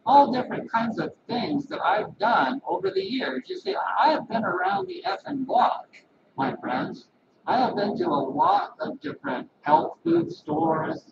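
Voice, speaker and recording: A massage therapist rambles casually to his webcam at home in a vlog-style talk, animated and full of folksy asides. His voice is very high and creaky, at a measured pace. The lo-fi webcam audio is echoey, captured from a distance, with loud background noise.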